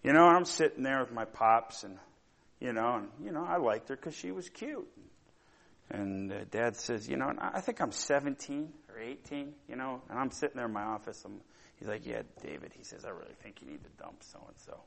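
A middle-aged man preaching a sermon, telling stories in a rambling way with many fillers and growing loud and animated when he gets worked up. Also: medium pitch, normal speed, creaky. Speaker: pastor.

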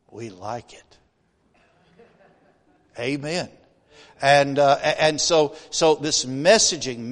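A high-pitched man with a drawl delivers a sermon in a church sanctuary. His talk is folksy and full of questions to the congregation, and it swells into emphatic preaching. A long reverb from the big hall hangs on every phrase. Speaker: guest preacher.

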